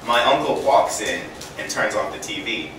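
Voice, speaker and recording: A man's voice: fairly low pitch, expressive, moderate pace. A young man telling a rambling stand-up story, laughing at his own jokes and often saying um, recorded from a distance in a very echoey room. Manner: self-deprecating, laughs at his own jokes, many ums. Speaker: amateur stand-up comedian. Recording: distant mic, very echoey room, faint ambient noise.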